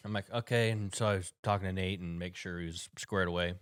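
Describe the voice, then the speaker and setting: A man's voice: sits low, brisk, no room sound. Man telling a story. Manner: animated storyteller, acts out quoted people. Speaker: podcast co-host. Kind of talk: casual storytelling chat.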